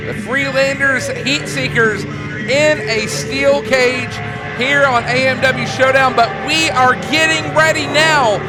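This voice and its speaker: A man doing play-by-play for a wrestling show, upbeat as he runs through the card. His voice sits very high. Loud music fills the bed behind him. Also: steady tone, slow pace. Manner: upbeat, announcing. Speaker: play-by-play commentator. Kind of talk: wrestling commentary.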